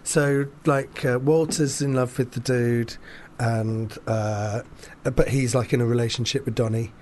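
A man hosting a casual chat, rambling and animated, swearing freely as he talks. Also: medium pitch, measured pace, slight background noise. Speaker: podcast host.

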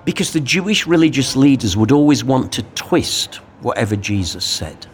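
A man in a conversational discussion of a Bible passage, speaking in a reflective, animated way. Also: medium pitch, normal speed, a little hiss or hum. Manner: reflective, animated, acts out quoted lines.

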